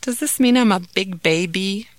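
Woman reading as young boy, frightened, timid, pleading, raised high voice, storybook. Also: normal speed, dry recording, natural voice. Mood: anxious. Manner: timid, pleading, higher child voice.

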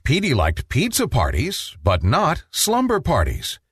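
A man reading a children's storybook aloud in an expressive, playful manner. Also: mid-range voice, a little slow, breathy edge, no room sound, clean studio sound. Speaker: narrator.

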